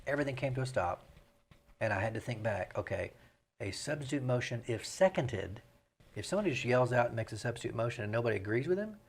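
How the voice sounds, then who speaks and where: A middle-aged man, a mayor and pastor speaking as a guest in a relaxed interview, explaining things in a measured way. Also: medium pitch, gravelly, husky. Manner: measured, explanatory, breaks into rhythmic vocal imitations.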